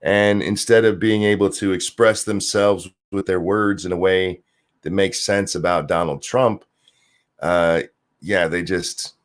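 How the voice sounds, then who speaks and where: A man's voice: sits low, steady tone, measured pace. A man hosting a stream, ranting sarcastically and profanely as he reacts to viewer comments. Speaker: streamer host.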